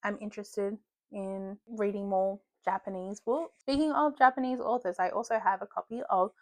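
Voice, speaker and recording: A woman's voice: medium pitch, fairly even intonation, moderate pace, no echo. A woman vlogging about books in a chatty, joking way, swearing casually. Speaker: book vlogger. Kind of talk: casual chat.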